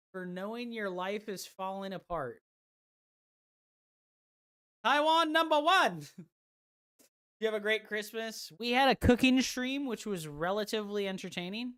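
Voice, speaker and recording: Slow-talking, smooth-voiced crude woman streamer. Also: mid-range voice. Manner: crude, profane, teasing banter with chat. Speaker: game streamer. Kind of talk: casual gaming stream chat.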